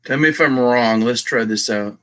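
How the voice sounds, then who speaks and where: A Texan man with a bright, forward voice runs a casual livestream. He chats loosely, greets viewers by name and talks to the chat while he works. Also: mid-range voice, moderate pace. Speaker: livestream host.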